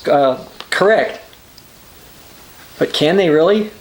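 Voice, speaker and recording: A man's voice: sits high, moderate pace, roomy sound, rough recording. A man hosting a religious news channel, giving a short sermon as he reads news quotes and scripture aloud, with the odd "uh" and restart.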